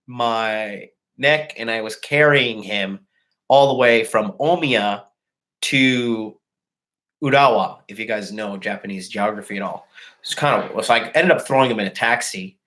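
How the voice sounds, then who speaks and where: Brief: man in his thirties, mid pitch, a livestream host with a casual, crude and boastful way of telling stories. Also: fairly bright tone. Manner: crude, boastful, profane and laughing. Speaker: dating coach host.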